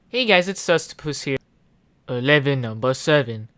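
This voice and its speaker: A speaker testing a microphone, jumping between silly voices and shouted outbursts. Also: mid-range voice, unhurried, no echo. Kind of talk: chaotic mic test, random impressions.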